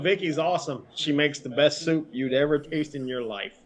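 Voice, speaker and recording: Middle-aged Southern US man, animated yarn-spinner, salty language, remote call. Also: fairly high pitch, normal speed. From Georgia, US. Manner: animated storyteller, swears freely, jumps between topics. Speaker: guest. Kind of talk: casual chat.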